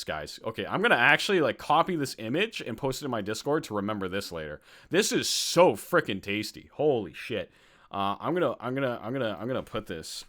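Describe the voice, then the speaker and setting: Excitable podcast host with lively pitch. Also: male voice. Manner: excitable, reacts loudly while reading aloud. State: hungry. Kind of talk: casual live-stream podcast chat.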